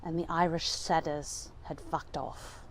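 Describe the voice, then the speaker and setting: A woman's voice: deep voice, fairly even intonation, measured pace, a little hiss or hum. A woman grumbling a profane recollection in a mock band interview. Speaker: comedy troupe performer. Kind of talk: improv mockumentary band interview.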